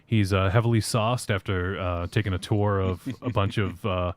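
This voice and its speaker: A man's voice: low-pitched, fairly even intonation, normal speed, dry recording. A man hosting a podcast in casual, joking chat, laughing often and trailing off with uh. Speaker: podcast host and producer.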